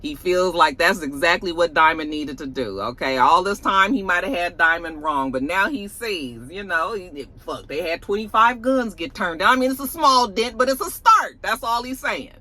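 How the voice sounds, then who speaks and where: Lively, bright-voiced TV recapper. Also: medium pitch, normal speed, hardly any pauses. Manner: animated, profane storytelling that acts out characters' lines. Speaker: TV episode reviewer. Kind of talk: casual episode recap.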